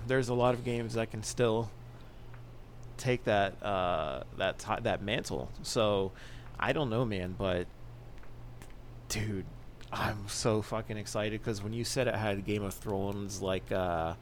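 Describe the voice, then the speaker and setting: A man co-hosting a casual podcast, excitable and profane, laughing often as he talks about games. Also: lowish voice, takes it slowly, a little hiss or hum. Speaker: podcast co-host.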